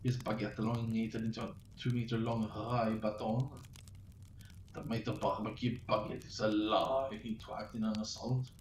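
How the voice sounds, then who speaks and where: A man's voice: on the low side, level tone, normal speed, darkish tone. A man reading his own fantasy story aloud, stumbling and restarting words as he goes. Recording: roomy, distant mic with faint noise.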